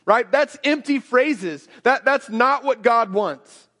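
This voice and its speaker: Speaking slowly in a very high, sharp-toned voice, a male pastor gives a conversational sermon, repeating and restarting his words a lot. It's recorded in a church sanctuary with long, echoing reverb.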